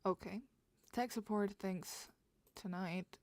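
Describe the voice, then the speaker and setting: Gravelly-voiced young woman streamer, rambling. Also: medium pitch, fairly even intonation, takes it slowly, no room sound. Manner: rambling, half-whispered musing. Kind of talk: casual livestream chat while writing.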